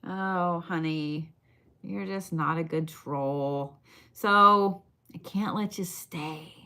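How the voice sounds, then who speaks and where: A woman's voice: on the low side, extremely slow, sharp tone. A woman giving bone readings on a live stream in a casual, chatty way, swearing now and then and talking straight to her viewers. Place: her shop.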